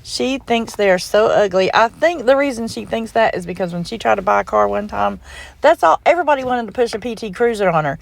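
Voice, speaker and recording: A woman's voice: mid-range voice, animated, a little fast, gravelly. Chatty middle-aged woman telling a story. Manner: chatty, rambling, folksy, heartfelt. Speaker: crafting vlogger. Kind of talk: casual voice-over storytelling.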